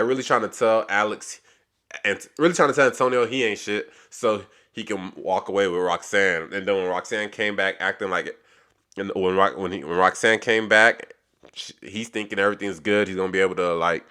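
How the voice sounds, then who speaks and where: A man with a low voice that still cuts through crisp and bright. He retells a reality show episode in loose, casual recap talk, stumbling and restarting as he acts out the back-and-forth. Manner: rambling retelling with many restarts and quoted dialogue.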